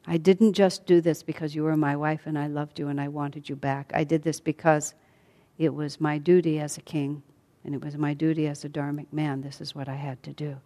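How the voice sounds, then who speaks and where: A woman's voice: deep voice, flat delivery, dark tone, natural voice. A woman voicing a stern, duty-bound warrior-king. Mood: solemn. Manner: formal, measured declarations. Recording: long hall reverb.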